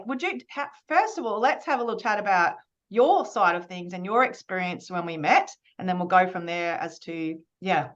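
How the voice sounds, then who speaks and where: A woman's voice: medium pitch, a bit bright, highs cut off. A woman hosting a podcast, telling a personal story in an open, chatty way. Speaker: podcast host. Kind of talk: casual podcast intro.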